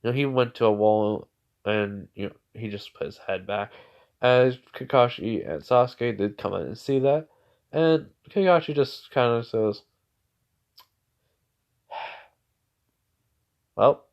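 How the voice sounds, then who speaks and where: A man's voice: medium pitch, normal speed, smooth. A man narrating an improvised fan story in a rambling way, full of fillers and restarts. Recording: dull lo-fi recording.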